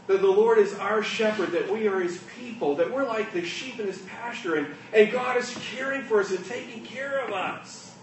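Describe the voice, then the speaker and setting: A man preaching a sermon, swinging between hushed asides and loud, emphatic lines. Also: high voice, background noise. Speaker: pastor. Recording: echoey room, mic at a distance.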